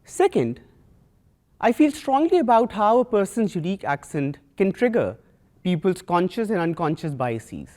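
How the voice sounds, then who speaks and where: Expressive man with a South Asian accent. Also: sits high. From Pakistan. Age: young adult. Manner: measured, earnest, with rhetorical pauses. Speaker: student speaker. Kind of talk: prepared talk to an audience.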